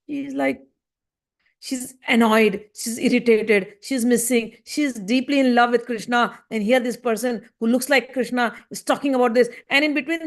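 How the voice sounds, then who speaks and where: A woman, teaching a devotional class in a storytelling way and often checking in with her listeners. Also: sits high. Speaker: spiritual teacher.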